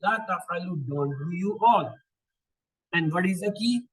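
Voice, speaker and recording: A man teaching Quranic Arabic in a classroom lesson, slowly drilling word patterns and asking questions that he answers himself. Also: high voice, lively intonation, husky, low-quality recording. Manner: slow, repetitive recitation of word patterns.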